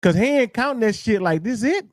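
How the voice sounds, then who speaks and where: A man's voice: sits high, animated, fairly quick, no echo, clean studio sound. A man hosting a reaction video, mocking the clip he watches and calling out its lies. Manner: mocking, scatting along; disbelieving, calls out lies. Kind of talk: reaction commentary.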